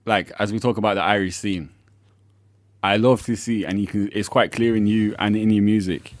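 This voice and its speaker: A man hosting a casual interview, relaxed and easygoing, filling his talk with "like" and short "yeah" replies. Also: on the low side, normal speed, no room sound. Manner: relaxed, lots of "like" and "yeah" backchannels. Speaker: podcast host.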